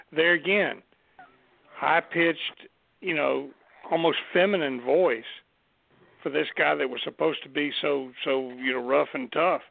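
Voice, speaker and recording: Gravelly-voiced man on a tinny line. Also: mid-range voice, dry recording. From Southern United States. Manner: rambling, restarts often, laughs easily. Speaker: co-host. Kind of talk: casual podcast chat.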